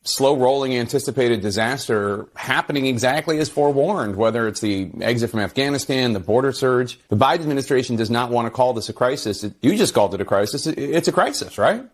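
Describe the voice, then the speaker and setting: A man commentator lays on slow, sardonic emphasis. His voice sits at an ordinary pitch for a man. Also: expressive.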